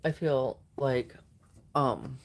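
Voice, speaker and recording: A woman's voice: extremely low pitch, extremely slow, very noisy. A woman giving a casual weekly tarot reading, sleepy and yawning, rambling with loose fillers and trailing thoughts. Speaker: tarot card reader.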